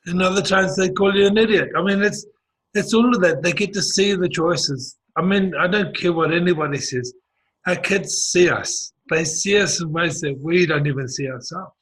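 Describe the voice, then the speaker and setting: A man's voice: high-pitched, moderate pace, fairly bright tone, slightly rough, poor audio. A man with a New Zealand accent chatting casually, telling a story in a rambling way with many restarts and fillers. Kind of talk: casual conversational chat.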